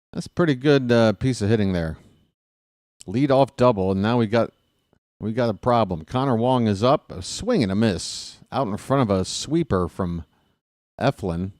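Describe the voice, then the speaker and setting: Baltimore-accented man, fan-style solo play-by-play; low-pitched, dry close sound. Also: measured pace, long pauses, dry recording. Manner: excited fan rooting for his team. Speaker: play-by-play announcer. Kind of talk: solo baseball play-by-play commentary.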